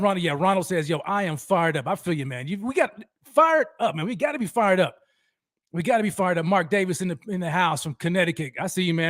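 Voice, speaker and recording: A man hosting a sports fan livestream, reading out viewers in an excited, high-energy roll call. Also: no echo, clean studio sound. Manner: hyped, energetic shout-outs to viewers.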